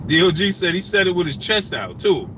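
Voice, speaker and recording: A man hosting a boxing talk stream, repeating himself emphatically and shouting out viewers by name. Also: high-pitched, fairly quick, noisy background. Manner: animated, repetitive, emphatic street talk. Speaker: boxing talk show host.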